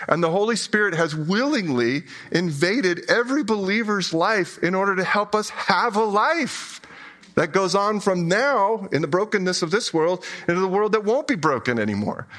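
A man delivering a sermon from the pulpit of a church, his voice sitting a little high for a man. He talks conversationally and pokes fun at himself, dropping low and quiet before rising to emphatic peaks. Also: very animated, moderate pace. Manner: conversational, self-deprecating, shifts from quiet to emphatic. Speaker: pastor.

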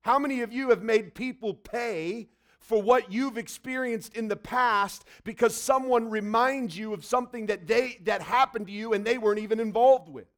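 A man's voice: very high voice, moderate pace. A man preaching a sermon in a conversational way, acting out little quotes. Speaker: pastor.

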